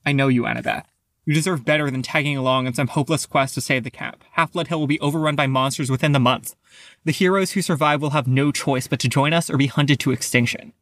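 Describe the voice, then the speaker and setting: A man's voice: medium pitch, fast, no room sound, lightly acted. Give me a man reading a persuasive young male rebel, in a dry close recording. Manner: read aloud from a novel, flat.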